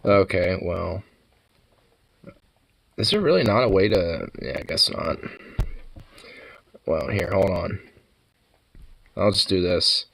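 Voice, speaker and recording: A man's voice: low-pitched, lively intonation, slow pace, vocal fry, long pauses, a bit bright, rough recording. A young man vlogging in a loose, rambling way, swearing freely and laughing between thoughts. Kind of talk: casual rambling chat.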